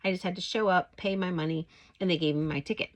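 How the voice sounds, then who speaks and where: A woman's voice: on the low side, fast, rough recording. A middle-aged woman telling a personal story in a chatty, casual way, with many fillers, and turning it into a devotional message. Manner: chatty, with frequent fillers and rising excitement when retelling greetings. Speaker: Christian faith vlogger.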